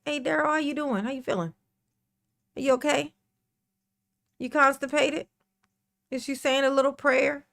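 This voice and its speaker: A woman's voice: high voice, moderate pace, creaky, long pauses, a bit bright. A woman hosting a casual livestream, playfully greeting chat viewers by name and breaking into bits of song. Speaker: livestream host.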